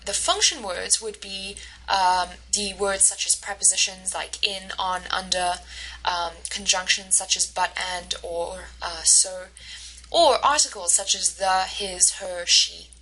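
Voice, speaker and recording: A woman instructor giving a recorded lecture over slides, explaining patiently and slowing down to model the stressed words. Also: medium pitch, bright, forceful tone, husky, poor audio. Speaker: university instructor.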